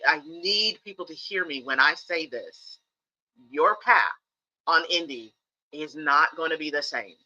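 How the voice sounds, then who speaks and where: A woman's voice: lowish voice, pushed and bright, muffled recording. A woman from the United States hosting a livestream, giving candid, emphatic advice and repeating key phrases for stress. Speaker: streamer host. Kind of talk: casual livestream talk, earnest advice.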